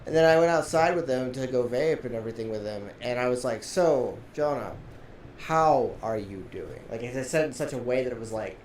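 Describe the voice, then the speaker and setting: Male co-host, mid-pitch, rambling anecdotal chat, roomy echo, faint background noise. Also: quick pace, hardly any pauses, a little mellow. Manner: rambling storyteller, heavy use of "like". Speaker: podcast co-host. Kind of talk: casual chat.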